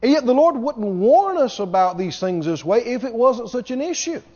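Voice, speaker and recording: Male pastor, sermon, emphatic, higher voice, lively pitch swings, dull recording. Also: normal speed. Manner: emphatic, repeats key words, mimics people with laughter. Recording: dull reverberant hall recording.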